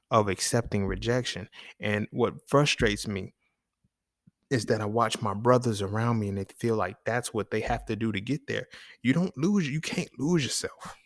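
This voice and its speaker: A man's voice: lowish voice, normal speed, no room sound, clean studio sound. A man hosting a solo talk show, speaking in a blunt, profane, casual monologue and often checking in with "you feel me". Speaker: podcast host.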